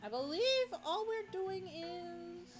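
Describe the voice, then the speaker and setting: Chatty woman streamer rambling thru a game, unhurried, keeps fixing her words, faint music underneath. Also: very high-pitched, lively intonation. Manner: chatty, self-correcting, laughs easily. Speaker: let's play host. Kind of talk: casual gameplay commentary.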